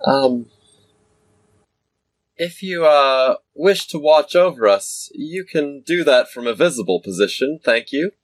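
A man's voice: on the high side, lively intonation, slow pace, dry recording. A man playing a tabletop role-playing game, talking hesitantly with many fillers. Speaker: player.

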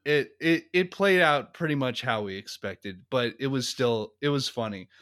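A man's voice: medium pitch, moderate pace, a bit bright. A man co-hosting a casual podcast chat, trading dry jokes with hesitant fillers. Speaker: podcast co-host.

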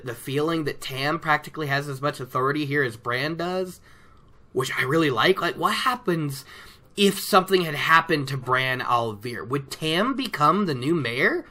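A man chatting casually as he recaps a book, animated and laughing, acting out characters' lines. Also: on the high side. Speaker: book discussion host.

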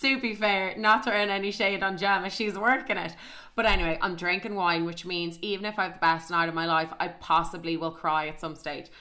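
Young woman, storyteller. Animated, sweary, slightly low, bright forceful tone. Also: fairly quick. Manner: animated, sweary, heavy use of "like". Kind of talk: casual storytime monologue.

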